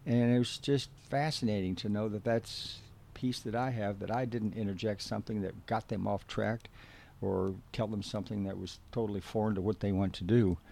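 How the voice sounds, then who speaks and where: A man with a deep, husky voice delivers a teaching talk. His tone is mellow and warm. He speaks earnestly and gives direct instructions, repeating his key points for emphasis. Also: steady tone, normal speed. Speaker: biblical counseling instructor.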